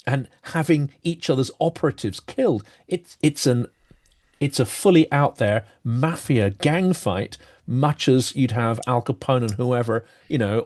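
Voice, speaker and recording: A man's voice: mid-range voice, darkish tone. Reflective male podcast host. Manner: reflective, pausing with ums, varied emphasis. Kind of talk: discussion interview.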